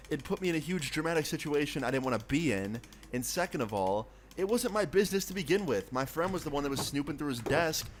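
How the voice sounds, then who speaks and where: Young man, streamer, casual storytelling, swears freely, mid-pitched, noisy mic with keyboard clicks. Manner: casual, profane, animated storyteller.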